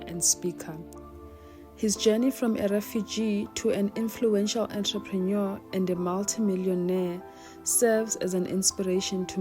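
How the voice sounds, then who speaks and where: A woman narrating a life story in an earnest, measured storytelling manner, with a channel sign-off. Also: mid-range voice. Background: music.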